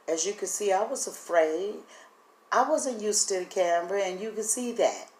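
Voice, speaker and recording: A woman vlogger, speaking earnestly and haltingly to the camera, her voice breaking and teary. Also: mid-range voice, lively intonation, darkish tone. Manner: earnest, halting, voice catching with emotion. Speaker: vlogger sharing spiritual impressions. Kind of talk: emotional direct-to-camera talk. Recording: echoey room, faint background hum.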